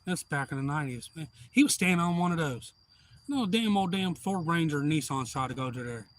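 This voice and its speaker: A man's voice: on the high side, lively intonation, brisk. A middle-aged man telling a long, meandering, profane story in casual chat on a live stream.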